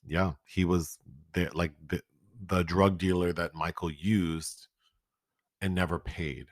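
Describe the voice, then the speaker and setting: This man speaks slowly in a low-pitched voice while co-hosting a podcast, casually reviewing a movie. Animated and quick to laugh, he acts out the quotes he shares. It's a clean studio recording with no echo.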